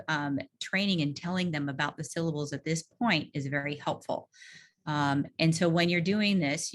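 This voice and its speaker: A woman speaks in a low register as she leads a virtual training session for teachers. She sets out each step of a reading routine and acts out the prompts she uses with students. Her voice comes through a video call microphone. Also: fairly bright tone. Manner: explains step by step, models classroom prompts. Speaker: teacher trainer leading a workshop. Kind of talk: online teacher training presentation.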